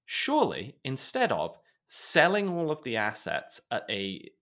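A man co-hosting a podcast and giving casual news commentary, animated and exasperated, leaning on emphatic points. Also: medium pitch, unhurried. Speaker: podcast co-host.

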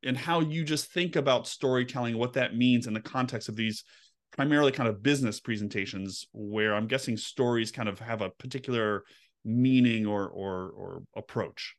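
A man's voice: mid-range voice, normal speed. Male interviewer, conversational, recaps points and asks long, rambling questions. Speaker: podcast host, interviewer.

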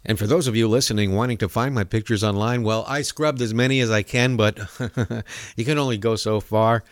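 A man's voice: lowish voice, steady tone, brisk, dry recording, clean studio sound. A man hosting a talk show, delivering a profane, mocking comedic rant monologue.

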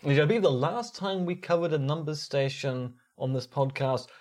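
A man's voice: fairly high pitch, normal speed, a little mellow. A man with a New Zealand accent co-hosting a podcast, explaining a story in a casual storytelling way. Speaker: podcast co-host.

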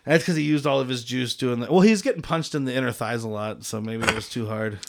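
A man's voice: medium pitch, fast talker, gravelly, background noise. Laid-back man recapping a movie. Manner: laid-back, profane, acts out lines, laughs often. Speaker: podcast co-host. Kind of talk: casual movie recap chat.

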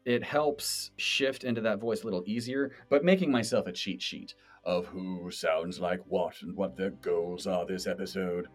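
Brief: lively game-master host, lowish voice, casual. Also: male voice, normal speed, hardly any pauses, faint music behind. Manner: animated, explains by demonstrating voices. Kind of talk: casual podcast chat.

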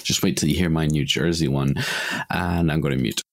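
A man's voice: very deep voice, steady tone, brisk. A man joining a podcast chat with jokey, self-deprecating remarks. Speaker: podcast guest.

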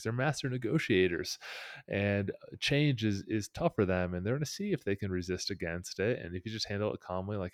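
Deep-voiced man with a dry, close sound. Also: no room sound. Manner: earnest, steady, explains in practical steps. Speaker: podcast guest. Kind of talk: casual conversational advice.

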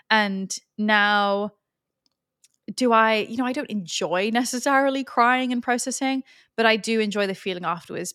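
A woman's voice: mid-range voice, a bit bright, no echo. Brief: woman podcast host, solo episode, frank and earnest with casual swearing, mid-range voice, close and dry.

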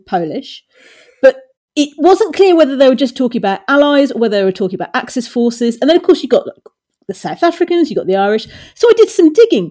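A woman co-hosting a history podcast, chatting in a lively way and reading old articles aloud. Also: high-pitched. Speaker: podcast co-host.

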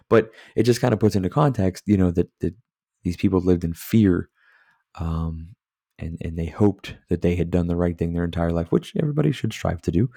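A man's voice: low voice, dark tone, no echo, clean studio sound. A man hosting a podcast, chatting casually and rambling, with lots of filler words and swearing as he sips a beer. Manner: drinking beer while talking. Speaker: podcast host. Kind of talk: casual movie review chat.

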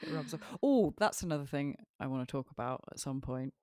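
Young english woman, southern accent, low voice but super lively, playful and teasing, dry close recording. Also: a little fast, clean tone, no echo. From England. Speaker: podcast co-host. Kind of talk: casual chat.

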